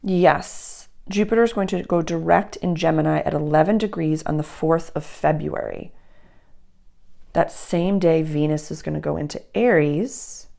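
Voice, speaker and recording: A woman's voice: sits low, normal speed, vocal fry, warm tone. A woman giving a casual, effusive astrology reading, rambling with many restarts. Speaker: astrology reader.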